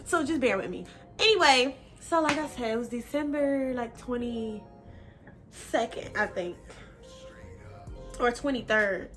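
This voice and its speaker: A young woman casually telling a personal story on her vlog, slangy, animated and now and then profane. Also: a little high, a little slow, pauses often, faint music behind. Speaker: vlogger.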